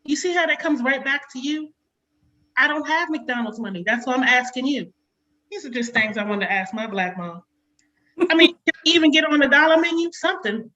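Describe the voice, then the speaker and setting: Bright-voiced woman doing stand-up. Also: sits high, brisk. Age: 40s. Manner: chatty, quotes a stern mother in sharp asides. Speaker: stand-up comedian. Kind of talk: stand-up comedy set. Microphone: video call. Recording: lo-fi video call audio.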